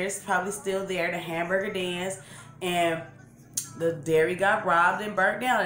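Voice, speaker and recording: A woman's voice: lowish voice, fairly bright tone. A woman in her forties from Los Angeles, rambling through a long story as she eats on camera and corrects herself as she goes. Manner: rambling, chatty, self-correcting. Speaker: eating-show vlogger. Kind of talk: storytelling while eating on camera. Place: room at home, seated in a chair. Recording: roomy room with faint background music.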